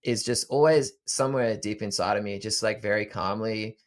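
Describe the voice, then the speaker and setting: A man with a somewhat low voice hosts a relaxed podcast chat. He reflects out loud in a calm, unhurried way, often stopping to rephrase mid-thought. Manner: thoughtful, self-correcting, calm. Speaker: podcast host.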